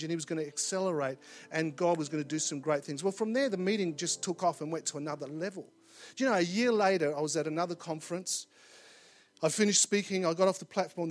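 Man, sermon storytelling, high voice, animated, acts out quoted voices. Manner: animated, acts out quoted voices, rising loud at tense moments. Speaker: preacher. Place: church or conference hall with live audience.

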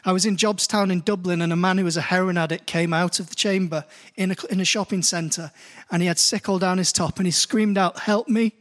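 A man with a British accent preaching a sermon in a church, reading scripture slowly and then telling stories with growing animation. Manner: slow, deliberate scripture reading; storytelling, rising in pitch as he grows animated. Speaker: pastor. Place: church hall.

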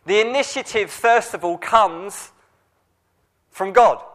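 A man's voice: high-pitched, takes it slowly, a bit bright. A man in his thirties, a youth worker preaching an informal sermon with a chatty delivery, many fillers and restarts, and direct questions to the audience. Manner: conversational, with frequent fillers and restarts.

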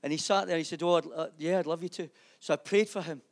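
A man gives a sermon with personal testimony in a church, speaking fast in a steady tone. His slightly high voice has a gravelly edge, and he moves between loud fervour and quiet, intimate passages.

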